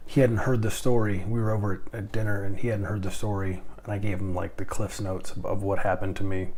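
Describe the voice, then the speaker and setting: A man's voice: lowish voice, flat delivery, brisk, darkish tone, a little hiss or hum. A middle-aged man, a podcast host and airline captain, rambling and stammering through a casual monologue.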